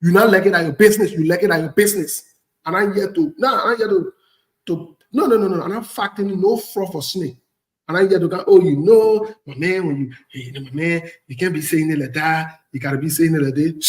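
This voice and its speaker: Blunt Liberian man, high voice, roomy sound. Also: quick pace. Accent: Liberian English. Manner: blunt, preachy, repeats phrases for emphasis. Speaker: host. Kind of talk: casual talk show commentary.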